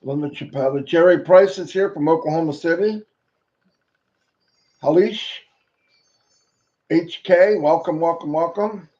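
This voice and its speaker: Guy hosting a live stream, slow easy shout-outs, playful little rhymes, dull lo-fi audio. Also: on the high side. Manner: playful, rhyming, sing-song call-outs. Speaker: host greeting viewers.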